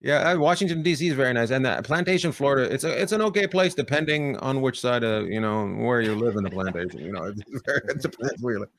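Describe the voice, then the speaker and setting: A man's voice: mid-range voice, fast talker, hardly any pauses, no echo. A man hosting a casual comedy chat over a video call, joking and teasing his guests. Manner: jokey, teasing, animated. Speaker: host.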